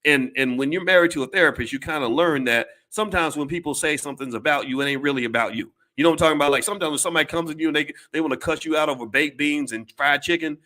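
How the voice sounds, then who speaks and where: A man's voice: a little high, rapid-fire, hardly any pauses, sharp tone. Blunt, emphatic man on camera. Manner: blunt, emphatic, profane, often repeats and restarts words. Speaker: commentator addressing his audience. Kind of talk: casual commentary to camera.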